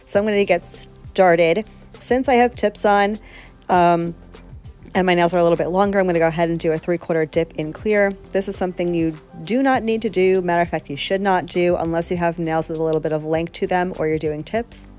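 A woman's voice: fairly low pitch, steady tone, fairly quick, a little mellow, faint music behind. A woman chatting casually while demonstrating a nail tutorial, friendly and talkative, with a light allergy cough. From South Florida. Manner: chatty, friendly, laughs easily.

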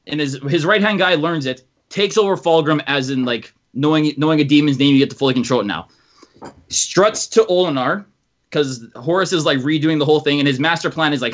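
Male co-host, rambling storyteller, slightly high voice, dull podcast sound. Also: a little fast. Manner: rambling, long-winded storytelling. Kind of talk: casual chat. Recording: lo-fi podcast audio.

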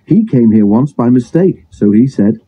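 A man's voice: mid-range voice, animated, moderate pace, mellow, breathy edge. A man voicing a mischievous young male twin engine who teases with an innocent air, on a dull lo-fi recording. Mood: teasing. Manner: innocent-sounding, teasing.

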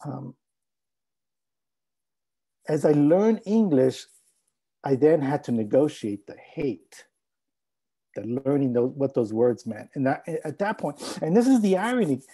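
A man's voice: fairly high pitch, mellow, breathy edge, poor audio. A middle-aged man, a native Spanish speaker, telling a reflective personal story as a scholar giving a talk. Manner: reflective, heartfelt, mixing in Spanish phrases.

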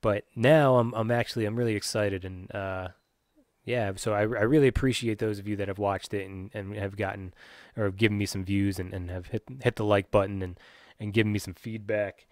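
A man's voice: lowish voice, fairly even intonation, a little fast, no room sound, clean studio sound. A man from Pennsylvania, hosting his own podcast and ranting in a profane, rambling way, full of restarts and fillers. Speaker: podcast host.

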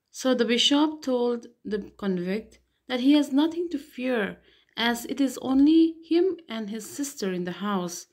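Slow-speaking woman teacher. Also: on the high side, animated, a little mellow. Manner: slow, explanatory, frequent okay and so. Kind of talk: literature lesson reading a play.

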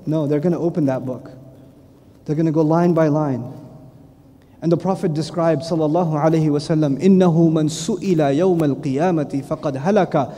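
A middle-aged man preaching a lively sermon, often acting out the voices of the people in his stories. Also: fairly high pitch, rapid-fire. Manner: animated, playful, acts out voices. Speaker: Islamic preacher and teacher. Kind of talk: lively sermon with acted quotes. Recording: long reverb of a large hall.

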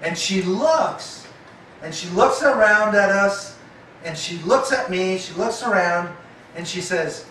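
Animated preacher in an echoey hall. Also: male voice, high voice, takes it slowly, a little hiss or hum. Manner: animated, acts out quoted voices. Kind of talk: sermon with storytelling. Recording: echoey hall recorded from a distance.

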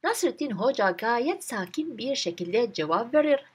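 A woman's voice: on the high side, sing-song, normal speed, few pauses, slightly rough. A woman teaching a language by reading a short story aloud and explaining each word and phrase. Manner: reads a line, then translates and breaks down each word.

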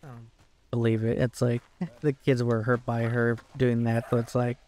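A young man venting in a casual, rambling way while playing a game, swearing often and filling every pause with "like". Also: medium pitch, monotone, a little mellow. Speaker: gaming YouTuber.

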